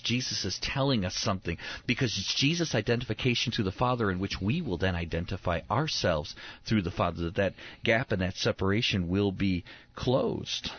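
A low, husky-voiced man teaches a Bible passage in a relaxed back-and-forth, leaning into his points with emphasis. The recording is slightly muffled and lo-fi. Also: normal speed, few pauses. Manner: emphatic, acts out quoted speech with rising pitch.

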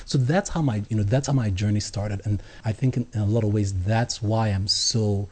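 A man telling his personal faith story as an interview guest, earnest, with halting restarts. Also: fairly low pitch, breathy edge. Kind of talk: personal testimony in conversation.

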